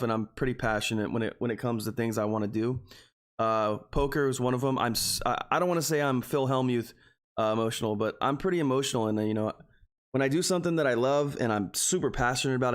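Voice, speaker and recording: A man from Texas hosting a live trading stream, talking casually and earnestly to his viewers. He rambles and keeps calling them "guys". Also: mid-range voice. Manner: earnest and openly emotional. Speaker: stock trading livestreamer.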